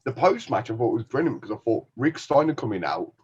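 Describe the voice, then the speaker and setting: A man's voice: mid-range voice, fast talker, husky, highs cut off. A man co-hosting a podcast, telling stories animatedly and swearing freely. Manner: animated, sweary, laughing storyteller. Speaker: podcast co-host. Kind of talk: casual chat.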